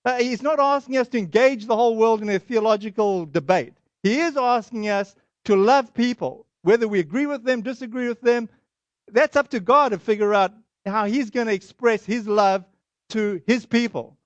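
A man with a high voice preaching a sermon, moving between Bible verses, a lively story and quiet prayer. He talks in an animated way and acts out the voices he quotes. The sound is dry and slightly dull, with no room echo. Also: moderate pace. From Boston area.

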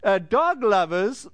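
A man with a high-pitched voice preaching a sermon in an easy, joking manner. He drops in frequent fillers and slows down on key words. The sound is dry and close, with no room echo. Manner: conversational and joking, with frequent fillers and slowed emphasis. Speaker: pastor.

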